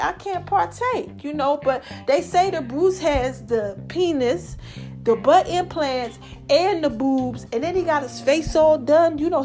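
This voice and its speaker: A woman's voice: high voice, darkish tone. A woman hosting her own podcast in casual solo chat, laughing often and calling her listeners baby and y'all. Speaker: podcast host.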